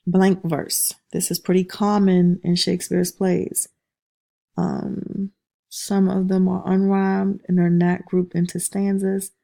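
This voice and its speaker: A woman's voice: on the low side, little pitch movement, slow, gravelly, mellow. A woman teaching a class who keeps checking in with "okay?" and taps out rhythms aloud. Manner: checks understanding with repeated "okay?". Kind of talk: classroom lecture.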